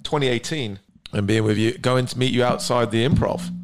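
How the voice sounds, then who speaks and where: A man's voice: medium pitch, fairly quick, slight background noise. A man from England with an English accent, a guest telling his story earnestly in a casual interview. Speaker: guest, entrepreneur.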